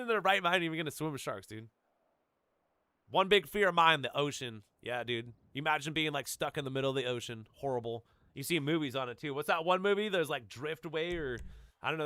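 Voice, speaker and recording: A man's voice: fairly high pitch, a bit bright. Rambling laid-back male streamer. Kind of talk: casual stream chat while gaming.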